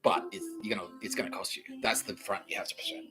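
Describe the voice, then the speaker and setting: Profane Australian man, lively swooping voice. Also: on the low side, quick pace, music in the background, rough recording. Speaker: podcast host. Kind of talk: rambling comic monologue.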